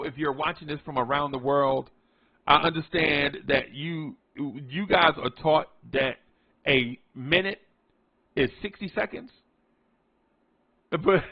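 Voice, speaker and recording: Speaking at a measured pace in a voice on the high side, a man from the New York tri-state area gives casual commentary on his basketball team for his vlog. He repeats himself and stretches key words to stress them, and the audio is lo-fi.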